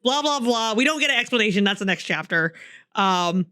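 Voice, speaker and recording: A woman's voice: medium pitch, expressive, a little fast, pushed and bright, clean tone. A young woman co-hosting a podcast, chatting casually about a book, laughing often and swearing freely. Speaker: podcast co-host. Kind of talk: casual book-club chat.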